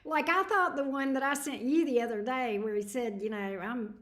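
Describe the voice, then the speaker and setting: A woman's voice: high-pitched, fairly quick, a bit bright. A woman hosting a tarot livestream, chatting casually with viewers in a snarky, laughing way, tired. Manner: snarky, laughing, reading chat messages aloud.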